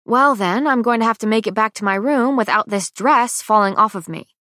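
A woman's voice: on the high side, fairly quick, bright, forceful tone, dry recording, studio quality. Wry young heroine, read by a woman. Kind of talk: audiobook character voice.

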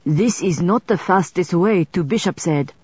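A woman's voice: fairly low pitch, normal speed, dark tone, breathy edge, no echo. A woman reading the part of a sour, curt male manservant, in a slightly muffled recording. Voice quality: sour, clipped.

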